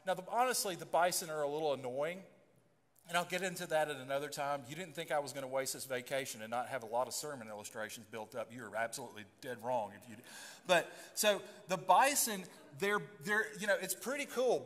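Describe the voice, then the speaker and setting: Folksy pastor in a reverberant church. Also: male voice, on the high side, fairly bright tone. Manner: folksy and conversational, with frequent restarts. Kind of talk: sermon. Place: church sanctuary. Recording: long church hall reverb.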